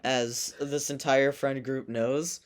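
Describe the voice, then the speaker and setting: A man's voice: mid-range voice, slow pace. A teenage boy co-hosting a casual podcast, telling a school story with lots of laughter and acted-out quotes. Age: teens. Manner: animated, laughing, acts out quoted voices. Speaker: podcast co-host.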